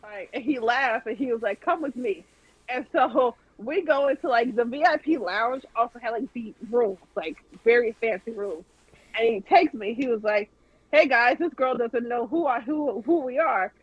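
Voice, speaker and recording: A woman with a husky, slightly raspy voice tells a lively story, swearing freely and mimicking the people she quotes. The sound is dry and dull, like lo-fi stream audio. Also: on the high side, normal speed, dry recording. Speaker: guest. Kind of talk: casual storytelling on a podcast.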